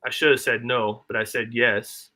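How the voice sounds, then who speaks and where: A man's voice: medium pitch, flat delivery, moderate pace, sharp tone. A man hosting a casual live stream from his homestead, chatting in a rambling way and answering his chat aloud. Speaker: livestream host. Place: home, homestead.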